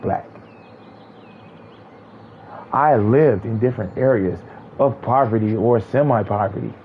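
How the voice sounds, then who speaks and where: A man's voice: medium pitch, highs cut off, slight background noise. A man streaming a game while he rants in casual commentary, blunt, heated and full of swearing.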